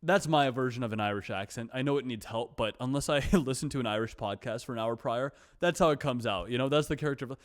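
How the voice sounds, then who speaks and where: A man talks through his thoughts in a relaxed vlog monologue. His voice sits at a middle pitch. He circles back to the same points and pokes fun at himself. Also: quick pace, hardly any pauses. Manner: reflective, self-deprecating, repeats himself. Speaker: vlogger. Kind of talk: casual reflective monologue.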